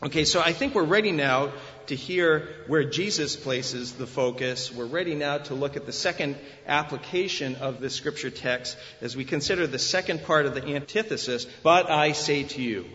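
Man, preacher, expository sermon, emphatic delivery, fairly high voice, church hall echo. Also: normal speed, hardly any pauses, sharp tone. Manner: emphatic, rising and falling to stress scripture. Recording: dull sound with long hall reverb.

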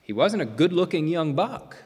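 A man preaching a sermon as pastor, emphatic, with dramatic pauses and swings between loud and soft. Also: fairly high pitch, big pitch swings, slightly rough. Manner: emphatic, rising and falling delivery with dramatic pauses. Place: church sanctuary. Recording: long reverb of a large hall.

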